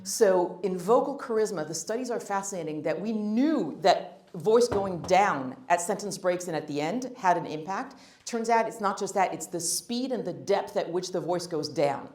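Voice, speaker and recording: A woman's voice: on the low side, animated, normal speed, few pauses, darkish tone. A woman giving a live workshop talk, blunt and emphatic with wry humor. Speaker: workshop speaker. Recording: roomy hall.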